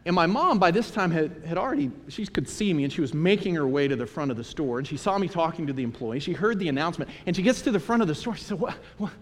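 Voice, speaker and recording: Pastor guy telling bible stories, animated, slightly high voice, echoey hall. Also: fast, few pauses. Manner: storytelling, animated retelling of scripture. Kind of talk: sermon. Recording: long hall reverb.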